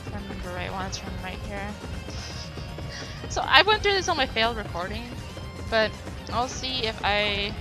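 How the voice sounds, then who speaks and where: A woman's voice: medium pitch, lively intonation, normal speed, pauses often, rough recording. A young woman casually commenting on her own gameplay, chatty and giggly with lots of fillers. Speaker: let's play host. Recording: game music playing behind.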